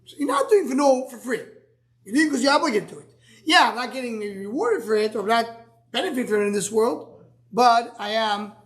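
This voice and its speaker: A man's voice: very high-pitched, animated, fairly quick, fairly bright tone. Style man teaching a Talmud class. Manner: thinks aloud with many restarts, fields student questions.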